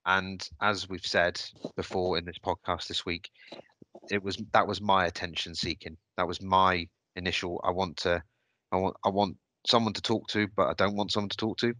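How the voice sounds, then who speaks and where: Deep-voiced man, hesitant and reflective. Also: steady tone, moderate pace, sharp tone. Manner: hesitant and reflective, with frequent restarts. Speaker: podcast host. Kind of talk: personal storytelling on a podcast.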